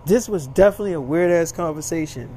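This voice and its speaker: A man's voice: on the high side, quick pace, warm tone, slight background noise, rough recording. A man telling a casual, profane, rambling story and acting out the dialogue.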